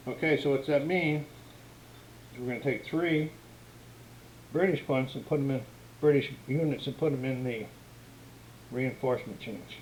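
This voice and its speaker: A man's voice: mid-range voice, normal speed, pauses often, a little mellow, a little hiss or hum, rough recording. Older man plainly explaining a board game. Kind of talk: casual tabletop game walkthrough. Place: room at home by a game table. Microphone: camera microphone.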